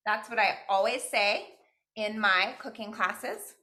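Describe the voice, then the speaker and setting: A woman leads a virtual cooking class from her home kitchen over a video call, speaking in a bright, clear voice. She stays upbeat and encouraging, counting steps aloud and mixing Spanish phrases into her instructions. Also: medium pitch, takes it slowly.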